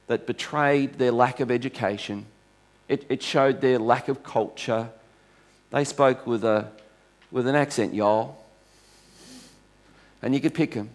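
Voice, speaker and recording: Man, pastor, sermon, conversational storytelling, restarts phrases, church congregation. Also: medium pitch.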